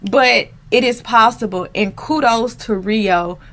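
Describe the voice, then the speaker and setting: A woman's voice: on the high side, measured pace, a bit bright. Woman speaking earnestly on a panel. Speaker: panel guest. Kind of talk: casual panel chat.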